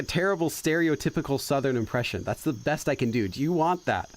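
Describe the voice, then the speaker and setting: A man's voice: mid-range voice, expressive, fast talker, few pauses. A man hosting a casual let's-play, translating game dialogue aloud and laughing as he loses his train of thought. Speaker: gaming channel host.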